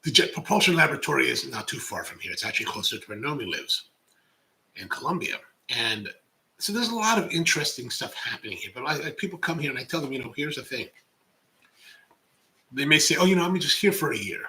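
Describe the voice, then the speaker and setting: Chatty bright-voiced man. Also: medium pitch, big pitch swings, fast, vocal fry, rough recording. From Baltimore, USA. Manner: rambling and chatty, drops to whispers for jokes. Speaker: coffee livestream host reading chat. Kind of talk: casual chat.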